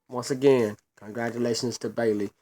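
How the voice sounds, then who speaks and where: A man's voice: medium pitch, fairly even intonation, a little fast, mellow. A man reviewing wrestling shows in a casual solo rant, blunt and profane, stumbling and repeating words as he gets worked up.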